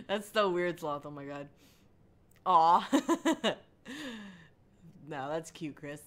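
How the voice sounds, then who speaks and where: Bright, rambling young woman streamer. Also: on the low side, very animated. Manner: rambling, halting, with frequent ums and likes. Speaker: livestream host. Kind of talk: casual chat reading chat messages. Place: home living room, on a couch.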